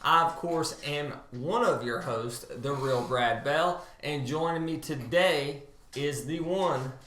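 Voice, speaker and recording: Man, podcast host, bright forceful voice, upbeat and jokey, casual banter, roomy echo. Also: a little high, takes it slowly, slight background noise. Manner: upbeat, announcer-like intro, jokey.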